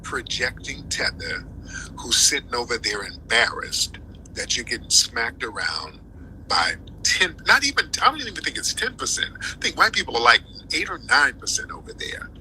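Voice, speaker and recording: A man's voice: medium pitch, sing-song, moderate pace, sharp tone, slight background noise, rough recording. A man in a heated online debate, combative, mocking and interrupting.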